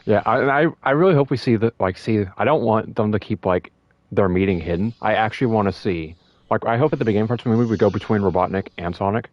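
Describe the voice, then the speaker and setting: A man chatting casually as a fan, animated and full of restarts. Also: on the low side, fast, no echo. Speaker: fan discussing a movie trailer. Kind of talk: casual chat. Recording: dull lo-fi dry sound.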